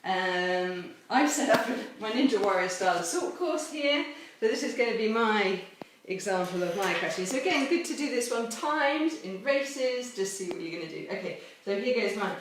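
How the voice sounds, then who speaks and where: A woman's voice: mid-range voice, animated, normal speed, few pauses. Cheerful woman leading a kids' assembly. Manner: cheerful, playful, explains step by step. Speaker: chapel children's assembly leader. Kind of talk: home video children's lesson. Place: home with garden course, indoors and out. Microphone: camera held by a helper some distance off. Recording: echoey, distant camera mic, faint noise.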